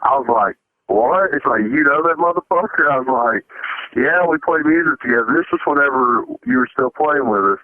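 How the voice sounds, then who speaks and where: A man's voice: medium pitch, expressive, brisk, no echo. Dude cracking up and cussing while he tells stories, thin phone-ish sound. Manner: laughing, profane, chatty. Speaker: podcast co-host. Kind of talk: casual chat. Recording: dry, phone-like lo-fi audio.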